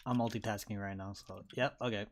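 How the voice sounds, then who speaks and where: A man's voice: on the low side, fairly even intonation, brisk, noisy background. A man running a tabletop game as dungeon master, narrating the fight play by play with sound effects and casual swearing.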